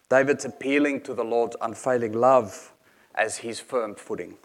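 A man's voice: medium pitch, moderate pace. A man preaching a sermon in an earnest, explanatory manner, reading scripture aloud and unpacking each verse.

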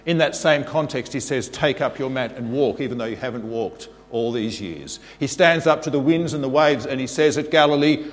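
A man's voice: mid-range voice, a little fast, few pauses. Man preaching in a reverberant hall. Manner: animated, leads the congregation in call-and-response. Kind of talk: sermon. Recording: long reverb of a large hall.

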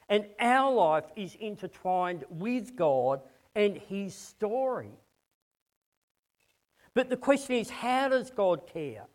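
A man preaching a conversational sermon to a congregation, often repeating words as he starts a phrase. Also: high voice.

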